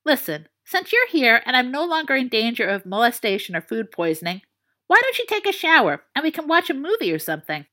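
A fussy, witty teenage boy with a cold, as a woman reads him, delivering arch, dry remarks. The voice stays high and bright, with plenty of rise and fall. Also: big pitch swings, fairly quick, heavily acted.

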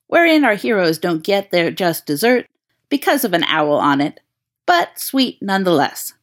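In a dry, clean studio recording, a woman reads fan fiction aloud, narrating and voicing the dialogue at a higher pitch.

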